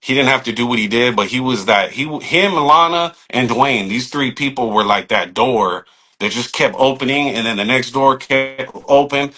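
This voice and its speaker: Bright-voiced man telling stories. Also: medium pitch, moderate pace. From San Jose, California. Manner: animated, profane, acts out quoted speech, many fillers like "you know what I mean". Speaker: podcast guest, barber. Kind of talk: casual storytelling conversation.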